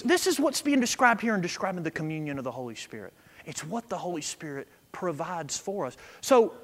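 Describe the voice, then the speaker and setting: A man preaching a sermon, swinging from quiet asides to loud, emphatic scripture reading. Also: high-pitched. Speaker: pastor. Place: church sanctuary. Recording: echo with long reverb in a church.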